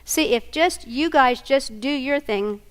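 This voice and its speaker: A woman's voice: high-pitched, slow, clear, resonant tone. An older woman, a grandmother, presenting a live training workshop and quizzing her audience. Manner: animated, asks the audience questions.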